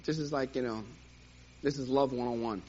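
Lively guy teaching a church class, acts stuff out, dull recording with faint hiss. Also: medium pitch, moderate pace. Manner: animated, jokey, acts out little scenes.

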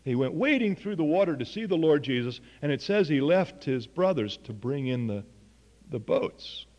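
A man's voice: on the high side, lively intonation, moderate pace, darkish tone, big-room sound, lo-fi sound. A man preaching a sermon, telling a story earnestly and voicing the people in it. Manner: earnest storytelling with quoted dialogue.

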